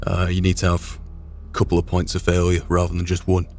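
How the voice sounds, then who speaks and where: A man talking in character, gruff and blunt with a lot of swearing. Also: low voice, completely flat delivery, fast, darkish tone, slight background noise. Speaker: roleplayer speaking in character. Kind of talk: in-character roleplay chat.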